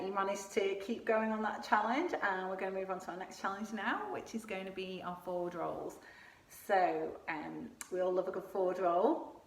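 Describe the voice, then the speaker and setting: A woman coaching children through gymnastics moves at home, showing each one as she explains, a little out of breath at times. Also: fairly low pitch. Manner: encouraging, demonstrates moves while talking. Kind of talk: home exercise lesson for children. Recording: echoey room, voice from a distance.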